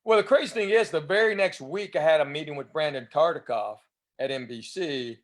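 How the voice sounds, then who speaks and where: Man, fifties, Southern accent, slightly raised pitch, chatty storyteller, clear enunciation. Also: a little fast. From East Tennessee, US. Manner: chatty anecdotes with restarts, enunciated drawl. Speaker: guest comedian. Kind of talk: casual storytelling interview.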